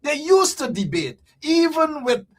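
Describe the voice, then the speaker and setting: A man with a Guyanese accent hosting a fiery political talk show, shouting, mocking and repeating himself for effect. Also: very high-pitched, a little slow, distant mic. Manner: animated, shouting, mocking, repetitive.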